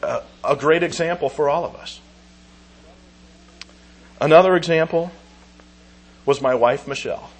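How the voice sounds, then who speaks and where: A man giving an earnest, emotional church talk, reading scripture aloud and pausing with halting restarts. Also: on the high side, husky, rough recording.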